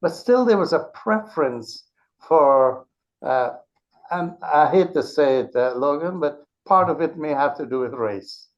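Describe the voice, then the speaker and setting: Man explaining in measured tones. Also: fairly high pitch, lively intonation. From Caribbean. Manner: measured, explanatory, with frequent restarts. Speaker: author and interview guest. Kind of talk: conversational interview. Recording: dull lo-fi interview audio.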